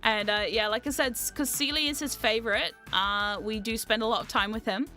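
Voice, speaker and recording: A woman vlogger chatting casually, telling animated stories, often laughing and swearing freely. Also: a little high, a little fast, soft background music. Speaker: VTuber vlogger. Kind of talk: casual storytelling chat.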